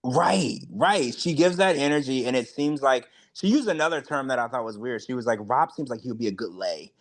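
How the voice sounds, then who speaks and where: A man's voice: mid-range voice, lively intonation, brisk. A man co-hosting a podcast in casual chat, frank and blunt, leaning on "like" a lot. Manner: chatty, heavy use of "like", frank and blunt. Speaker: podcast co-host.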